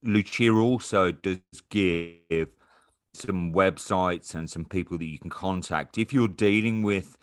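A man's voice: sits low, takes it slowly. A man hosting a podcast in casual chat, chatty and teasing, often restarting his sentences. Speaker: podcast host.

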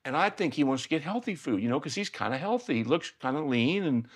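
An older man telling a humorous personal story in an animated, self-deprecating, conversational way. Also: fairly high pitch, fast talker, slightly rough.

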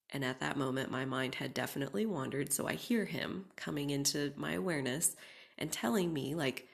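A young woman hosting a reflective solo podcast, talking casually with many "like"s and often dropping into a soft whisper. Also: sits low, normal speed, gravelly. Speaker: podcast host.

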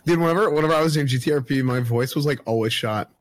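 A man in casual chat, talking excitedly. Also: medium pitch, fast.

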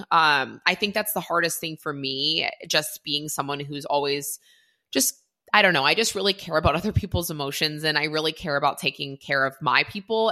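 A woman's voice: low voice, sharp tone. A woman in her thirties telling a personal story to camera in a chatty way, full of "like", acting out what people said. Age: 30s. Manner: chatty, lots of "like", acts out quoted voices. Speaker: vlogger.

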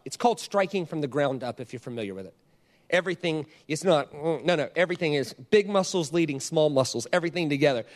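Animated high-pitched male preacher. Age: 40s. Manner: animated, acts out scenes and quotes. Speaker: pastor. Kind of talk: sermon with storytelling.

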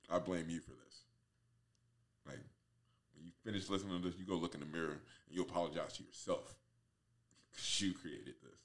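Solo podcast host, man in his forties, very deep voice, loose and self-mocking, laughs a lot. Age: 40s. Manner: laughs often, swears freely, self-mocking. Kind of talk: rambling solo podcast monologue.

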